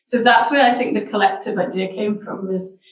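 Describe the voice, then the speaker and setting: A woman's voice: medium pitch, fairly even intonation, a little fast. A woman being interviewed about her wellbeing social enterprise, talking reflectively and searching for her words. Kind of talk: casual interview chat. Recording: roomy sound, mic at a distance.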